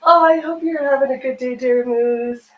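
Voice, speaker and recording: A woman with a high-sitting voice hosts a livestream, chatting casually at a moderate pace while she sews and answers her chat, laughing often. The recording is muffled, in an echoey room with faint ambience.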